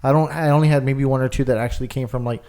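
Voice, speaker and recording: A man's voice: medium pitch, fairly even intonation, racing, mellow. Young male podcast co-host, rambling casual storyteller, mid-range voice, loose and chatty. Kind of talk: casual chat.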